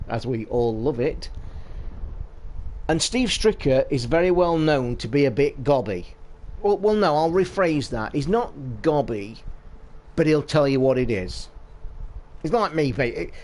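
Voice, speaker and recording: A British podcast host with a mid-range, darkish voice tells a story on a casual livestream chat from his home streaming setup. He's blunt, sweary and opinionated.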